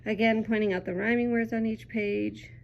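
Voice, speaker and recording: A woman's voice: a little high, fairly even intonation, moderate pace, creaky, highs cut off. A young woman teacher chatting casually through a children's book review, upbeat and full of ums.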